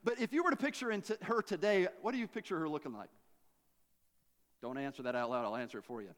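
A man preaching a sermon in a folksy, conversational storytelling way, dropping low for emphasis. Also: quick pace, fairly bright tone, long reverb tail.

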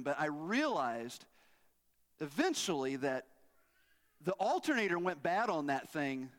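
A middle-aged preacher with a notably high voice tells a long personal story from the pulpit. He talks casually and keeps turning to the congregation with questions. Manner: animated, conversational, asks the congregation questions. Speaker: pastor. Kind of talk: storytelling sermon.

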